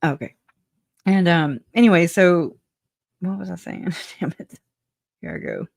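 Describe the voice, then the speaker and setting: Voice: medium pitch, big pitch swings, a little slow, vocal fry, no echo, clean studio sound. A guest telling their side of a personal story in a casual, rambling way, laughing often, trailing off with "anyways" and answering live chat comments.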